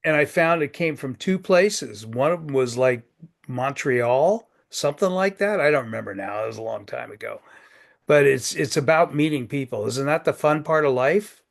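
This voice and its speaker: A man's voice: mid-range voice, lively intonation, normal speed, creaky. A man in his sixties hosting a networking group on a video call, folksy and joking, often repeating his words.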